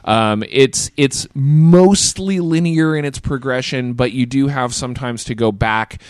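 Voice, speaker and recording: A man's voice: medium pitch, measured pace, clean tone, no room sound, clean studio sound. A man hosting a casual gaming chat, rambling and swearing freely.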